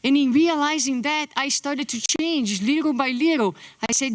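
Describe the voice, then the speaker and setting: Brazilian woman giving an animated lecture. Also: high-pitched, normal speed, few pauses, no room sound. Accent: Brazilian Portuguese. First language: Portuguese. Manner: animated, acts out quotes in a lifted voice. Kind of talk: conference lecture.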